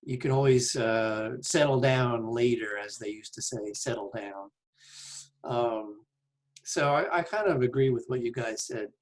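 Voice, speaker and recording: Male band member, middle pitch, measured, hesitant talker. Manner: thoughtful, hesitant with many ums. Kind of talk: casual chat.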